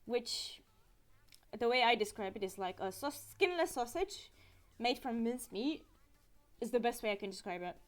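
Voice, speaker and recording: A woman giving a casual live-stream recap, animated and giggly, with frequent fillers. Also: fairly high pitch, moderate pace, long pauses.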